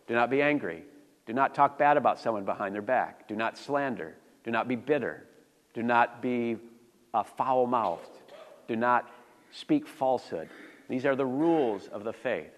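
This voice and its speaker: A man of middle pitch delivers a sermon in a relaxed, conversational manner and often turns to the congregation with questions. His voice rings out in a large church hall, where a long reverb trails after each phrase. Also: normal speed. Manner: conversational preaching with rhetorical questions. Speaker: pastor. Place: church sanctuary. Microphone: handheld or stand mic.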